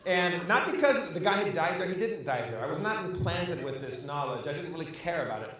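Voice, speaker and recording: Animated profane storyteller, echoey stage. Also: male voice, on the high side, fairly quick, far from the mic, slight background noise. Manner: animated, profane, acts out shouts. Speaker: podcast regular telling a story on stage. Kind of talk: live comedic storytelling. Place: live stage venue. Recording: echoey live room from off-mic.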